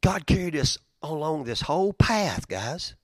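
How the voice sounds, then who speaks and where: A man preaching a sermon in a conversational, storytelling way, swinging from loud outbursts to near-whispers. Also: sing-song, measured pace, no echo, studio quality. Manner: conversational, storytelling with big swings in loudness and pitch. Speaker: pastor.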